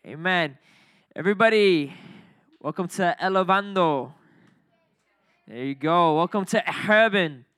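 A young man preaching to a youth crowd, his voice high and bright as he jokes around and gets the room to answer back. The sound is close and dry, with little room around it. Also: measured pace, long pauses, clean tone, no echo. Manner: energetic, joking, talks with the crowd. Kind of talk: casual youth sermon.

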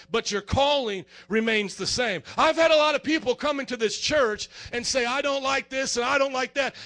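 A man preaching a lively sermon as pastor, acting out scenes with animated voices. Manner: animated preaching, acts out fans in high excited voices.

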